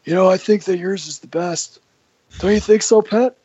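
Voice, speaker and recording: A man's voice: sits high, moderate pace, mellow, slightly rough, no echo, voice pushed up. A man doing an impression of a blunt, skeptical middle-aged male wrestling boss. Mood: amused. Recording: muffled lo-fi audio.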